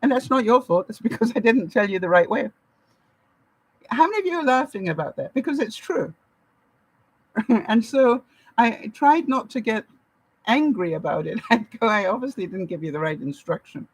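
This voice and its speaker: A woman's voice: on the high side, sing-song, moderate pace, pauses often, breathy edge, no room sound, poor audio. A woman from Canada giving casual advice to her viewers, laughing often and acting out the lines she quotes. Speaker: vlogger. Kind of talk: casual advice talk to camera.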